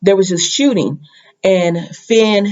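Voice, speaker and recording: A woman voicing a man who gravely breaks terrible news, in a slow, heavy delivery. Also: medium pitch, darkish tone, muffled recording, close to an everyday voice.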